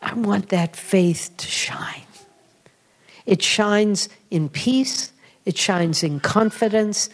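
Slow, storytelling woman preacher. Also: medium pitch. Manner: storytelling, confiding, drops to soft whispers for emphasis; self-deprecating, laughs at herself. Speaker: religious speaker with a radio program. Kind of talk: sermon-style testimony.

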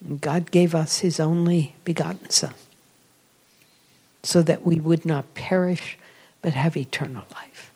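A woman giving a sermon-style testimony, storytelling and confiding, often dropping to a soft whisper for emphasis and laughing at herself. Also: sits low, slightly rough. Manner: self-deprecating, laughs at herself. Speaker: religious speaker with a radio program.

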